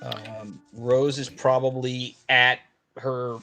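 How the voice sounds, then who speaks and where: A tired man playing a tabletop game who drags his phrases out slowly and pokes fun at himself. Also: mid-range voice, level tone, bright, forceful tone, faint music behind. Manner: slow, dragged-out phrases, self-deprecating. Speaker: player. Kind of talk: casual tabletop role-play.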